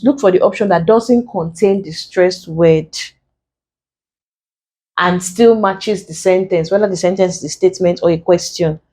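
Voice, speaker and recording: A woman's voice: medium pitch, warm tone. A woman teaching an exam prep lesson, going through the steps one at a time and repeating the key points. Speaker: exam tutor.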